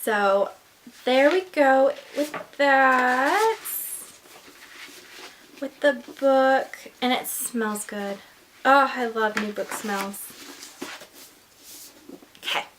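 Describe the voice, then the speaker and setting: A woman chatting casually through an unboxing, gushing and excitable, with gasps and whispered asides. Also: high-pitched, very slow, pauses often, slight background noise. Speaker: book vlogger.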